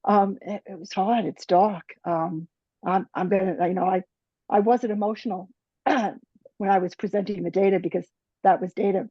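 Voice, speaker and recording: Halting woman closing a talk. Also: medium pitch, fairly even intonation, slightly rough, no room sound. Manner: halting, restarts often, tags "right?". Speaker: conference presenter. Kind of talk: personal closing remarks of a talk. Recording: dull dry lo-fi sound.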